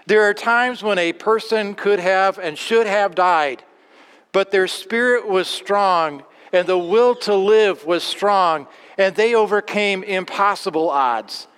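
Earnest high-voiced preacher in a reverberant church. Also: male voice, fairly bright tone, clear, resonant tone. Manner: earnest, repeats words, slows on key phrases. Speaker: pastor. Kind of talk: sermon. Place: church sanctuary.

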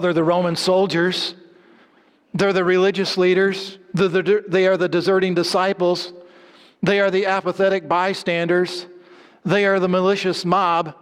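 High-voiced guy preaching, earnest, repeating lines over and over, big echoey hall. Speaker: pastor. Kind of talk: sermon. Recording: long hall reverb.

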